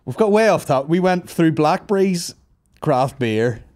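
A man's voice: a little high, animated, measured pace, a little mellow, no echo, studio quality. A young man hosting a comedy podcast, telling stories with lots of swearing and laughing asides. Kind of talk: casual banter.

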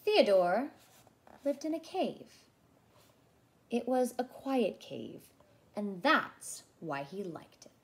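A woman childcare teacher reading a picture book aloud to young children in an expressive storytelling voice. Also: a little high, slow pace, pauses often.

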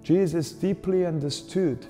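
A man preaching a sermon as pastor, slow and deliberate, stressing repeated questions. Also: on the high side. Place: church hall. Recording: reverberant hall with soft music behind.

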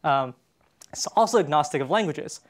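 A man's voice: a little high, expressive, normal speed. Chatty Canadian man giving a conference talk. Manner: casual, chatty, with frequent fillers and restarts. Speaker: conference speaker. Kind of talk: conference presentation. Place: conference stage in a hall.

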